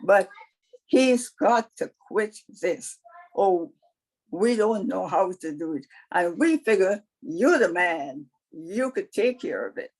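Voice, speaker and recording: Lady putting on a smooth-talking boy rabbit from a folktale, slow and coaxing. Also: on the low side, animated, darkish tone, full character voice, rough recording. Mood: complaining. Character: flattering talkative male rabbit.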